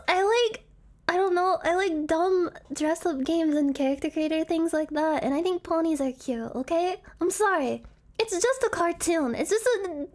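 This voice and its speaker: A woman streamer chatting casually on a live stream, giggly, rambling and apologetic, with bad hiccups. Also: high-pitched.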